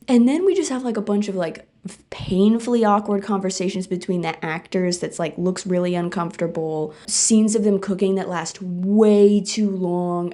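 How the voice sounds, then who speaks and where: Woman host, casual recap, sarcastic, rambly, warm low-key tone. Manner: sarcastic, rambling with many fillers.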